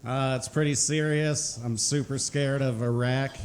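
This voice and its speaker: A man on a comedy club stage delivering short, dry, deadpan one-liners. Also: medium pitch, unhurried. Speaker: stand-up comedian. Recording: club room noise behind.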